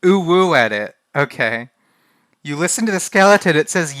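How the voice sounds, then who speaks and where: A man's voice: on the high side, animated, normal speed, pushed and bright, no room sound. A young man streaming a text adventure game, reading the game text aloud in a casual, flustered way and often laughing. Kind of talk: casual live-stream commentary.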